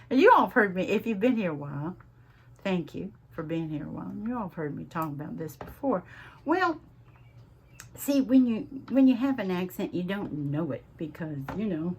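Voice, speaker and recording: A woman with a Southern US accent, chatting casually at her home craft desk as she hosts a crafting vlog, drawn-out and full of laughs. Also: on the low side, expressive, husky. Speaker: crafting channel host.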